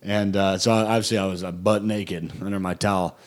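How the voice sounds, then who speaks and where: A man's voice: low-pitched, steady tone, fairly quick. A young man telling boot camp stories in casual chat, rambling with fillers and frequent laughs. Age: young adult. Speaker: guest recounting boot camp.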